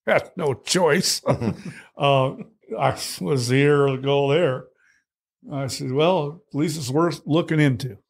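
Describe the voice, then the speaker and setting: An older man in his sixties speaks as an interview guest, candid and blunt. He tells his story with salty language and acts out the voices of people in it. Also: mid-range voice. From United States. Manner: blunt, salty, animated retelling with acted quotes.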